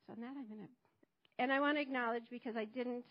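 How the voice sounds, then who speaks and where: A woman's voice: on the high side, fairly even intonation, fast talker. A woman giving a short, earnest, reflective church testimony. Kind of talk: spoken testimony. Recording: dull lo-fi recording.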